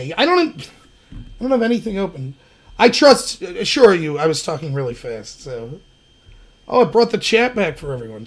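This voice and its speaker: A man from Pennsylvania hosting his own livestream, telling stories in a casual, digressive way. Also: a little high. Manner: storytelling, chatty, digressive. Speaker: livestream host.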